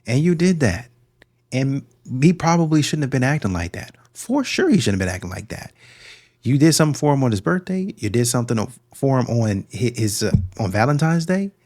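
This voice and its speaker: A man hosting a reaction video who scolds and mocks what he hears. His voice jumps around in pitch with animated, sweeping inflection. His tone stays sarcastic throughout. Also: a little fast. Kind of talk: commentary on a played clip.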